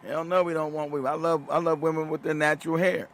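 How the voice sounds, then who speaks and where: This show host talks fast in a fairly high voice with flat delivery. He keeps it casual and emphatic, swearing heavily and laughing often mid-sentence.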